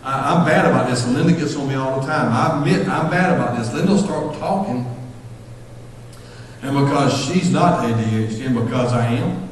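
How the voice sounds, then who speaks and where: A man with a Southern US accent preaching a sermon as pastor, talking fast and telling stories with acted-out voices. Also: mid-range voice, a little hiss or hum. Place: church sanctuary. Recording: echoey hall, far from mic.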